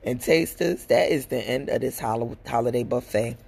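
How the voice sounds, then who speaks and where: A woman's voice: a bass voice, normal speed, gravelly, a little mellow, husky. A woman hosting a podcast, telling a personal story bluntly and with frank profanity. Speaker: podcast host. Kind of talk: casual storytelling monologue.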